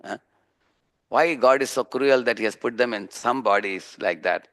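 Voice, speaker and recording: A man with an Indian accent delivers a sermon, his voice mid-pitched with a gravelly, fry-tinged edge. He teaches through homely stories, stops often to check in with a quick questioning "huh?", and slips into the voices of the people he describes. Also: fairly bright tone. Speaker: preacher giving a scripture class.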